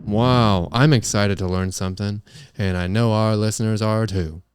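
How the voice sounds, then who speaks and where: A man's voice: on the low side, steady tone, moderate pace, a little hiss or hum. A young man co-hosting a comedic podcast, rambling and hesitant, often stopping to restart his lines. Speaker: podcast co-host.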